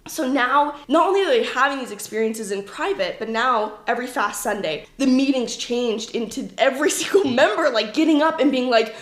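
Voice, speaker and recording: A woman podcast host telling stories in an animated way, laughing often. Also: high voice, fairly quick, hardly any pauses. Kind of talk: storytelling chat. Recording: roomy echo.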